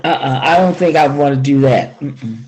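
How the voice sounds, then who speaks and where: Lively older woman telling a folk tale. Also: normal speed, soft background music, low-quality recording. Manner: lively, acts out each figure with big pitch jumps. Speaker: storyteller. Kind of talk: folksy spoken storytelling.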